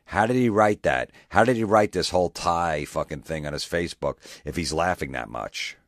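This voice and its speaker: This low-voiced man, heard in clean studio sound with no room noise, hosts a podcast at a moderate pace. His comedic rant is profane and sarcastic, and he mocks people using put-on voices.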